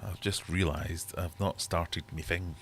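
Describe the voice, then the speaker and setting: A man's voice: deep voice, steady tone, unhurried, fairly bright tone, slight background noise. A man hosting a live-stream quiz from his fish room, chatty and teasing his viewers. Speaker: livestream host running a quiz. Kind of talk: casual live-stream chat.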